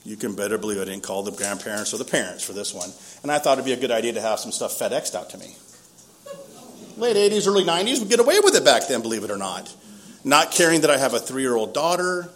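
A man in his fifties from San Diego's East County tells his own story casually, poking fun at himself and laughing a lot. His voice is mid-range and a bit bright.

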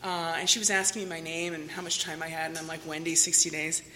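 A woman's voice: fairly low pitch, steady tone, fast talker, bright, forceful tone, slight background noise. A middle-aged woman telling her recovery story at a meeting, candid and chatty with self-mocking humor. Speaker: AA meeting speaker.

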